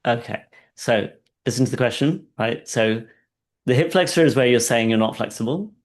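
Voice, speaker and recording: A man coaching a client through a guided session, speaking calmly and checking in often with "right?". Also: mid-range voice, moderate pace. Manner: calm and soft-spoken in guidance, animated when telling stories; frequent "right?" check-ins, laughs between points.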